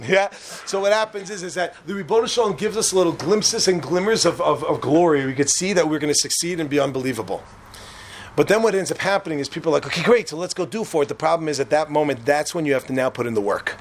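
Fast, high-voiced man teaching a class. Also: slight background noise. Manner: animated, quick, acts out quotes and quizzes listeners. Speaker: religious teacher. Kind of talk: Torah class to students.

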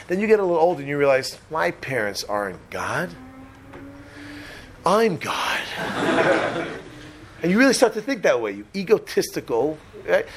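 Animated joking male preacher. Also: a little high, creaky, background noise. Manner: animated, joking, talks to the audience. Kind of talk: humorous sermon with stories.

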